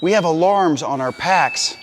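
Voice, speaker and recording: A man's voice: fairly high pitch, measured pace, a little hiss or hum. A man, a firefighter, patiently explaining protective gear to children in plain words. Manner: patient, plain, talks straight to kids.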